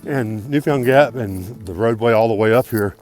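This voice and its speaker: A man's voice: medium pitch, normal speed, a little mellow, soft background music, rough recording. A man talking to camera as a thru-hiker vlogger outdoors on a mountain trail, upbeat, grateful and chatty, recorded on a handheld phone. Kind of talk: casual outdoor vlog talk to camera.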